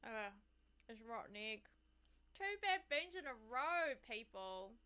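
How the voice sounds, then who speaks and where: Kiwi girl streaming a game, high lively voice, chatty and playful, unhurried. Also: smooth. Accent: New Zealand. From New Zealand. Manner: playful, chatty, talks to pets and chat. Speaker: livestream host. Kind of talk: casual gaming livestream chat.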